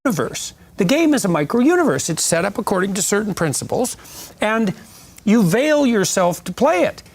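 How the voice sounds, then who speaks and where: A man with a fairly high voice lays out abstract ideas in measured, lecture-style talk. He builds his points slowly through analogies, and there is a gravelly edge to his tone. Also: sing-song. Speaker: speaker in a played clip.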